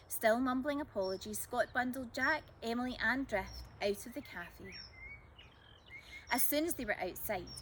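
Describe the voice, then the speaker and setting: A woman storyteller reading a children's chapter book aloud in a lively, expressive way. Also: fairly high pitch, a little hiss or hum.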